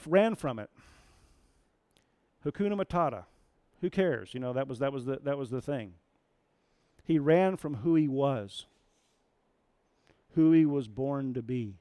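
A man's voice: mid-range voice, expressive, a little slow, long pauses, warm tone, clear, resonant tone, no echo. A man preaching a sermon, telling a story and asking the audience questions.

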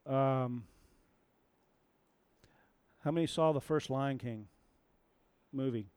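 A man's voice: medium pitch, slow pace, darkish tone, clean tone, no room sound. A man preaching a sermon, telling a story and asking the audience questions.

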